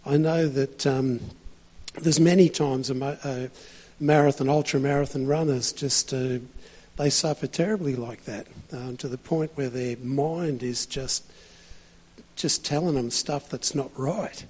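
A man's voice: mid-range voice, fairly even intonation, unhurried, darkish tone, slightly rough, big-room sound. A man preaching a sermon in a loose, conversational way, full of fillers and restarts.

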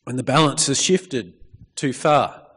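A man's voice: medium pitch, measured pace, husky. A man preaching a sermon in a church, reading scripture and calling out for amens from the congregation. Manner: lively, calls out for amens, reads scripture. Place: church hall. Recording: long reverb of a church hall.

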